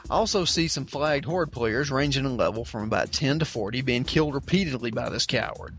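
A man's voice: medium pitch, brisk, fairly bright tone. Man, podcast host, mid-range voice, easygoing gaming chat, faint music underneath. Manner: reads a listener's story aloud, then chats with laughing asides.

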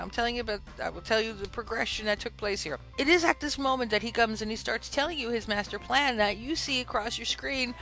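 A podcast host in casual, animated storytelling about a video game, retelling a quest with exasperated asides and acted-out quotes. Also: medium pitch.

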